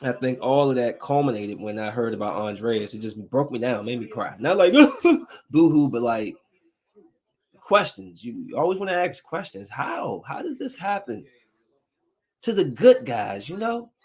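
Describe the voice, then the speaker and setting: A man hosts his own solo podcast, chatting casually and with feeling about his week in a mid-range, slightly rough voice. Very animated and a little slow, he drifts loosely between grief and upbeat chatter in a heartfelt way.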